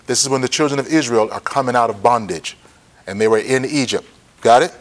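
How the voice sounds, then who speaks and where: Teaching from the Bible in a medium pitch, a preacher pauses often to confirm his listeners are with him. He goes back over the main points slowly so they can be written down.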